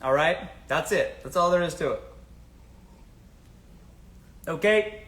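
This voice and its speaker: A man's voice: fairly high pitch, lively intonation, takes it slowly, a bit bright. A man from the American South hosting a casual livestream, giving blunt dating advice, swearing freely and asking the audience rhetorical questions.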